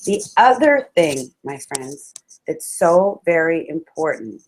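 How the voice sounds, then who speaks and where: Brief: woman motivational speaker, fairly low pitch, emphatic and passionate, addresses the crowd as friends, quick laughs. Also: big pitch swings, darkish tone, rough recording. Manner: laughs often between lines. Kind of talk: live motivational talk to an audience.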